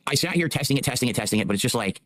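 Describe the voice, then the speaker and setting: A man's voice: medium pitch, animated, rapid-fire, a bit bright, no room sound. A man streaming live, tinkering with his mic settings and defending how his voice sounds. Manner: fussing over audio settings, defensive. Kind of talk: casual livestream chat. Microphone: XLR streaming mic.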